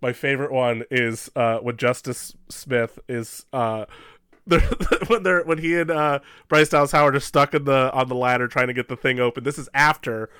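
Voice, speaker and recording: A man with a bright, forceful voice chats casually about films on a podcast. He talks in an animated rush, peppered with "like" and frequent laughter. The recording sounds dry and close. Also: mid-range voice, moderate pace, smooth, no room sound. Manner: animated, laughs often, many "like" fillers. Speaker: podcast co-host. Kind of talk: casual movie-review chat.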